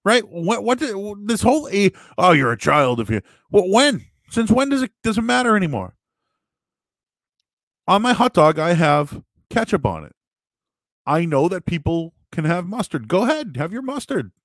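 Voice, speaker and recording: A man riffing loosely with his viewers, voice leaping up high when he gets worked up, then dropping right back down. The sound is dry and close, with no room around it. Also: normal speed, no echo. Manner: animated, joking, restarts a lot. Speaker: live-stream host answering chat questions. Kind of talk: casual rambling chat.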